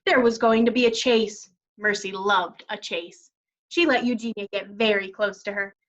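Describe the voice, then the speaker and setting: A woman teacher reading a children's story aloud in a clear, expressive way. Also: medium pitch, moderate pace. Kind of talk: children's read-aloud narration. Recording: dull lo-fi recording.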